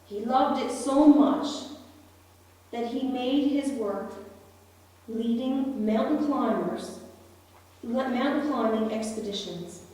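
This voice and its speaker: A woman preaching a sermon slowly and deliberately, with long pauses. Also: fairly high pitch, a little mellow. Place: church hall. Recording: echoey hall, voice from far off.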